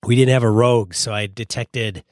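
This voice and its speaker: A man co-hosting a casual chat about tabletop games, jokey with quick banter. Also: mid-range voice, steady tone, a little mellow, no echo, clean studio sound. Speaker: podcast co-host and event organizer.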